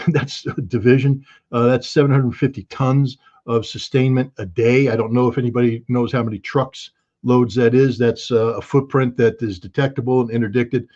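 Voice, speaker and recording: A man's voice: medium pitch, little pitch movement, moderate pace, darkish tone. Blunt emphatic man, muffled audio. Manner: blunt, emphatic, bursts of alarm. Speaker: guest analyst. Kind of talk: interview commentary.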